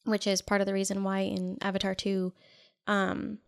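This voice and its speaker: A young woman co-hosting a podcast in casual chat, animated and jumping into funny voices when she quotes people. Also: mid-range voice, normal speed, vocal fry, smooth. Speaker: podcast co-host.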